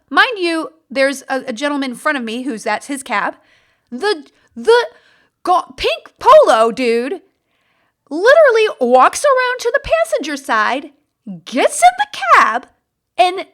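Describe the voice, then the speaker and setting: A woman's voice: sits high, a bit bright. A woman hosting a podcast, telling a story in a chatty, casual monologue full of fillers and restarts. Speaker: podcast host.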